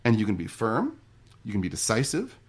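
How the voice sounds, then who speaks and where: A middle-aged man, a guest on a podcast, telling stories and explaining ideas in a relaxed, conversational way. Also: fairly low pitch, breathy edge. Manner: fast, animated storytelling. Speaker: podcast guest, marriage coach.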